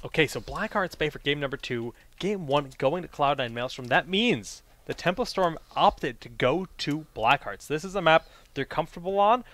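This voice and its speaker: A man's voice: fairly high pitch, normal speed, few pauses. A young man casting an esports match and joking with his co-caster on a headset mic. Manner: animated, joking. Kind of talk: casual esports commentary.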